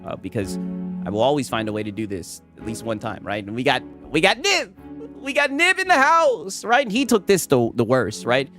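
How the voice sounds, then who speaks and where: A man streaming gaming reactions in casual, excitable commentary, swearing often and laughing a lot. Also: medium pitch, normal speed, over music.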